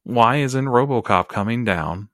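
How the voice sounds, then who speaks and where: A man's voice: mid-range voice, lively intonation, a little slow, a bit bright, dry recording, studio quality. A man co-hosting a podcast, chatting casually about a wrestling show, with a laid-back, rambling way of talking and frequent laughs. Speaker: podcast co-host. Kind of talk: casual wrestling recap chat.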